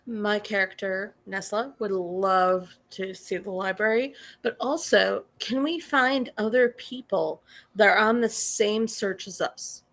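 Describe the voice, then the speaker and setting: A woman's voice: medium pitch, a little slow, a bit bright. A woman playing a tabletop game, wary and teasing, often cutting in. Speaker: player. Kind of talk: tabletop role-play, in and out of character.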